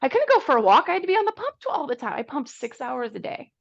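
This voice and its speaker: A woman in her thirties, a guest on a running podcast, tells her own story candidly and with animation, poking fun at herself and acting out the people she quotes. Her voice is high, quick and creaky. The audio sounds dull.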